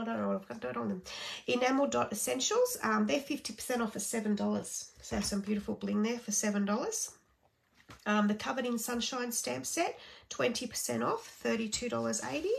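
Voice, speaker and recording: A woman with a fairly high voice and a strong, constant vocal fry. She talks in a relaxed, chatty way as a craft supply demonstrator. Her talk is full of ums and short pauses while she turns the pages. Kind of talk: casual product sale walkthrough.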